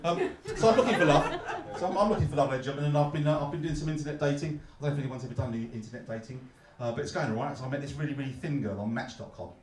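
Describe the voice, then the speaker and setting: A man from London with a Cockney accent, performing a stand-up comedy set with a deadpan, mock-glum delivery and punchlines he pushes up loud. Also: medium pitch, racing, few pauses, far from the mic. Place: comedy club stage. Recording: echoey club, heard from afar. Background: audience laughter.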